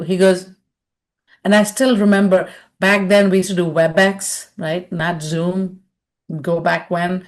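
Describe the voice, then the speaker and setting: A woman's voice: fairly low pitch, level tone, measured pace. Chatty woman telling stories in a webinar. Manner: chatty storyteller, tags lines with "right?". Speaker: leadership consultant and webinar speaker. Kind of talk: webinar talk with personal stories.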